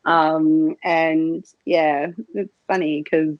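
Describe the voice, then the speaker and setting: A woman's voice: sits low, little pitch movement, drawn-out words, no echo, muffled recording. An Australian woman chatting casually as an interview guest, giggling often and swearing freely. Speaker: guest, cam model.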